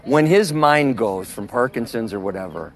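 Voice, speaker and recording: A man preaching on the street outdoors, emphatic and forceful, quizzing his listeners with questions as he talks. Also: mid-range voice, expressive, moderate pace.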